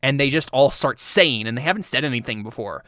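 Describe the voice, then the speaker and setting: A man running a tabletop game as game master, narrating in a loose, chatty way with plenty of fillers. His voice is mid-pitched, and the recording is close and dry. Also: expressive, a little fast, pushed and bright, no room sound. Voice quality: chatty, laughing, filler-heavy.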